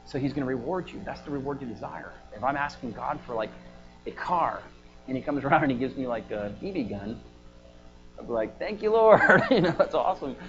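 A man's voice: mid-range voice, a little fast, muffled recording, faint music behind. A man preaching a sermon in a conversational way, with laughing asides and fillers. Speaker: pastor. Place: church prayer house.

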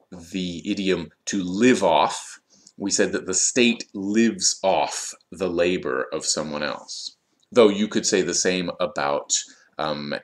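A man with a lowish voice teaches English vocabulary. He explains each word at an unhurried, drawn-out pace and fills the pauses with "um" and "uh". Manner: slow, deliberate explanations with fillers. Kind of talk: vocabulary lesson.

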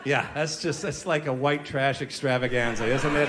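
A man's voice: medium pitch, steady tone, moderate pace. A man performing a stand-up comedy set, telling a story with punchy delivery and mocking voices, recorded live in a comedy club. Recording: live club recording with audience laughter and noise. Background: audience laughing.

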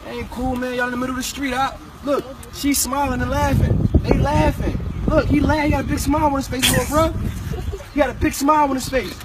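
Urgent high-voiced man lecturing on the street. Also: little pitch movement, brisk. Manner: urgent, repetitive, slangy, peppered with "yo". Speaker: passerby addressing teenagers. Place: city street, outdoors. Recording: distant phone recording with street noise.

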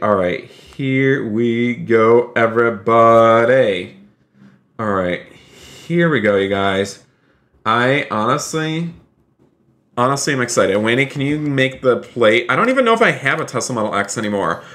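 A man's voice: medium pitch, animated, moderate pace, fairly bright tone, a little hiss or hum. A man live-streaming a role-play game, chatting upbeat to his viewers and thanking donors. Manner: upbeat, chatty, addresses chat often.

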